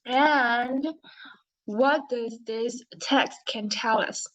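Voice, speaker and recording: A woman teaching an online English class, with a Chinese accent. She speaks slowly and clearly and keeps asking her pupils questions. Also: on the high side. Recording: dull lo-fi audio.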